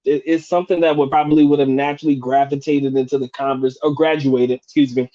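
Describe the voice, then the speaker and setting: A man's voice: mid-range voice, level tone, fast talker, mellow, highs cut off. A man hosting a live stream, chatting casually and profanely, restarting and rephrasing as he goes. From United States.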